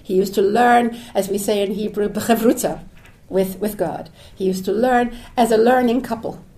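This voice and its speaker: A woman's voice: medium pitch, fairly even intonation, moderate pace, mellow. A woman giving a reflective public lecture, thinking aloud with restarts and asides, dropping Hebrew phrases into her talk. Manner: thoughtful, searching, with restarts and asides. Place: lecture hall.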